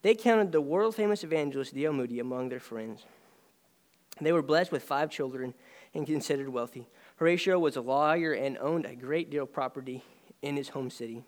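A man's voice: mid-range voice, brisk. Earnest male preacher in a reverberant hall. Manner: earnest, rising and dropping emphasis. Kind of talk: sermon.

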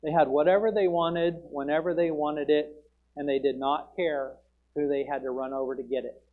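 A man preaching a sermon, moving between relaxed Bible teaching and loud proclaiming. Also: moderate pace. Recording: muffled low-fidelity sound.

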